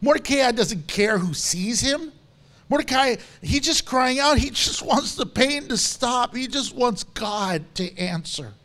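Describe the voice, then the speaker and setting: A man preaching a sermon with animated storytelling, acting out the quotes he tells. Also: very high-pitched, unhurried.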